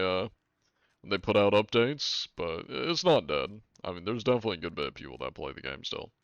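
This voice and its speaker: Deep-voiced laid-back male streamer. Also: creaky, fairly bright tone, smooth, dry recording, highs cut off. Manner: laid-back, wry, swears casually. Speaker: game streamer. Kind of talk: casual live-stream chat.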